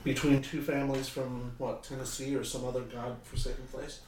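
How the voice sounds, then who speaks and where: A man hosting a podcast in casual chat, self-deprecating and quick to laugh. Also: medium pitch, flat delivery, darkish tone, a little hiss or hum. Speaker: podcast host.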